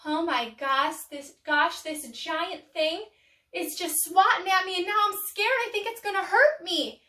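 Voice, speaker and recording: Tiny nervous bee voiced by a woman for a kids' lesson: high, breathless, wide-eyed, recorded in a roomy space. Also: sing-song, unhurried. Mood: scared. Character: tiny frightened buzzing bee. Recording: roomy, distant mic.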